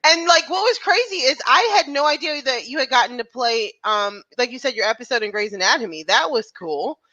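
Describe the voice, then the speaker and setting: High, lively woman hosting a talk show. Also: highs cut off. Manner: enthusiastic, reacts with quick interjections and laughs. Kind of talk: casual interview chat.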